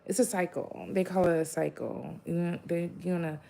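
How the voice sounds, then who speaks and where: A woman's voice: lowish voice, normal speed, vocal fry, warm tone. A woman giving a casual spiritual pep talk as a vlogger, blunt and profane, rambling with lots of fillers.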